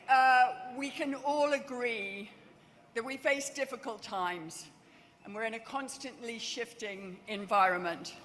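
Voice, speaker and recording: A woman giving a rally speech introducing her husband, speaking slowly and emphatically. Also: a little high, a bit bright. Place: large indoor rally hall. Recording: big hall with crowd noise.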